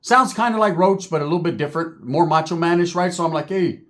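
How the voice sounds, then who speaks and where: A man telling a comic story from his own life, swearing freely and checking in with his listeners after nearly every line. His voice sits a little higher than most men's. He talks in a loose, streetwise way. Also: quick pace, fairly bright tone. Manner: profane, streetwise, keeps asking "right?".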